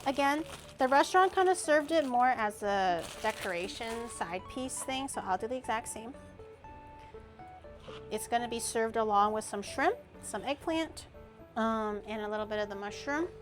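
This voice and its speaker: A woman's voice: fairly high pitch, lively intonation, normal speed, soft background music. Chatty young woman cooking on stream. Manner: chatty, rambling, with loud playful outbursts. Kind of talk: casual cooking stream chat.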